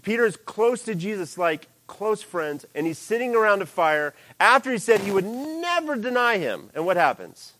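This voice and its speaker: A man preaching a sermon in a lively, animated way, jumping into character voices for quoted lines. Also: moderate pace, few pauses. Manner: animated, acts out quoted lines with big pitch jumps.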